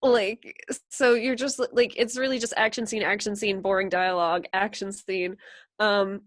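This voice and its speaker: A woman's voice: mid-range voice, level tone, moderate pace, a bit bright, no echo, clean studio sound. A young woman co-hosting a casual movie podcast, giggly and gushing, filling her speech with "like". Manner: giggly, gushing, uses "like" a lot. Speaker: podcast co-host. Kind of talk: casual chat.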